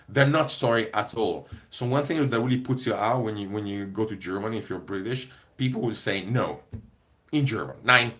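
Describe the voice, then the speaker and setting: A comedy performer chatting casually to camera in a rambling, digressive way, often breaking into laughter. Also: male voice, fairly low pitch, a bit bright. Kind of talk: casual vlog monologue.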